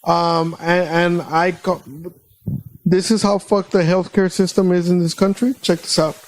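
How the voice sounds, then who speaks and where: High-voiced man telling a story. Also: low-quality recording. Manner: animated, swearing, quick retelling. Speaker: podcast co-host. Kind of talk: casual storytelling.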